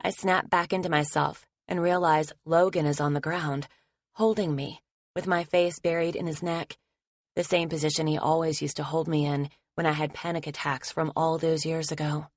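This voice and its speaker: A woman's voice: low-pitched, level tone, moderate pace, no room sound. A woman narrating a romance audiobook in the first person, with tense, intimate storytelling.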